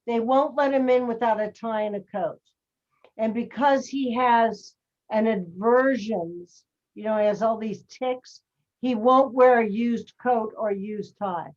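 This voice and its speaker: A woman teaching an acting class, talking slowly and plainly as she explains a scene to her students. Her voice sits a little high for a woman. The audio comes through a video call and sounds muffled and dull. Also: darkish tone. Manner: direct, explanatory, slow-paced. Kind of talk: giving acting notes.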